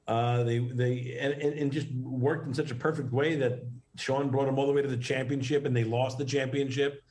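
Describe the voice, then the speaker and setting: A man's voice: mid-range voice, steady tone, normal speed, a little mellow. A middle-aged man from New York, a guest in a casual interview, talking in a rambling way with many restarts and fillers.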